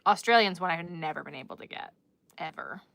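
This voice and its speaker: Bright-voiced woman chatting on a livestream. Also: lowish voice, expressive, a little fast, vocal fry. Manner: chatty, laughing, playfully trying out accents. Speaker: crochet livestream host. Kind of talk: casual live-stream chat with viewers.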